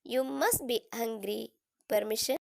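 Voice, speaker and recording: Slow, careful woman teacher. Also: fairly high pitch, vocal fry, darkish tone. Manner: slow, deliberate, careful reading. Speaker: English teacher. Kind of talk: reading a grammar lesson aloud.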